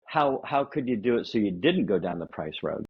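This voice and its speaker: A man hosting a podcast, talking casually about sales in a halting, rambling way. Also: fairly low pitch, very animated, a little hiss or hum. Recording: dull lo-fi audio.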